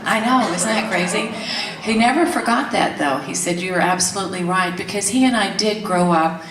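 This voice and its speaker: A woman, telling a candid story in an interview, animated, laughing often and acting out the quotes. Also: medium pitch, moderate pace, crowd noise. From Tennessee, US. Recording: roomy, distant mic, faint background hiss.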